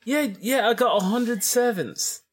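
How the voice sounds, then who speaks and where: A player voicing a boastful fantasy adventurer with a put-on British accent and a husky, slow, laid-back drawl. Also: mid-range voice. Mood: boasting. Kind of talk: tabletop role-play in character.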